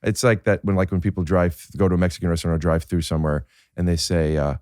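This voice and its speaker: Male podcast host, lowish voice, halting, joking, dry studio sound. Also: flat delivery, darkish tone, clear, resonant tone, no room sound. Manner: rambling, joking, halting with many fillers. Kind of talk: casual chat.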